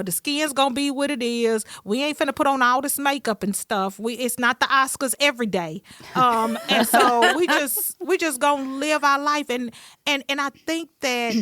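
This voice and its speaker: A woman guest on a podcast, a broadcaster, telling stories in a casual, lively and emphatic way. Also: high-pitched. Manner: lively, animated, often drops into acted-out quoted voices; emphatic, repeats words for emphasis. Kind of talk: casual conversational storytelling.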